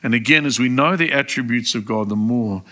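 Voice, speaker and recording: An Australian man preaching a sermon in a church, emphatic and rising to loud exclamations, acting out quoted prayers. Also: mid-range voice, brisk. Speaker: pastor. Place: church service.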